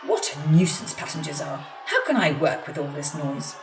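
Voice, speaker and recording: A woman voicing a stern, portly railway boss who is fussy but fair, speaking briskly and with authority. The recording sounds like an echoey room picked up from a distant mic. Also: deep voice, sing-song, a little hiss or hum. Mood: weary. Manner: brisk and commanding.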